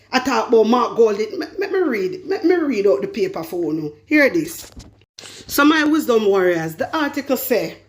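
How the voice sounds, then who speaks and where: A woman with a Jamaican accent giving a fiery political commentary, talking in heavy patois and repeating her points over and over. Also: on the high side.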